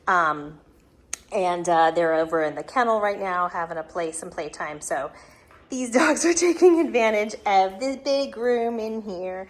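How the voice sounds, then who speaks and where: A woman's voice: mid-range voice, lively intonation, unhurried. A woman hosting a casual home vlog from her living room, chatty and giggly, talking to viewers and breaking into baby talk with puppies. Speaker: dog breeder and channel host.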